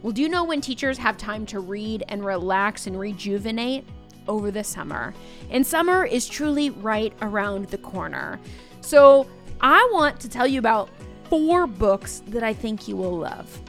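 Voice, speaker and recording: A woman teacher hosting a podcast, telling classroom stories in a casual, animated way and acting out her students' voices. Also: mid-range voice, normal speed, faint music behind. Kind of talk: casual storytelling monologue.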